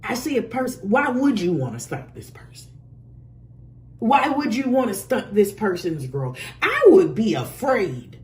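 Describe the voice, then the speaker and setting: A woman's voice: medium pitch, sing-song, a little slow. A woman giving a casual spoken tarot reading, blunt and profane and laughing often. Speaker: tarot reader.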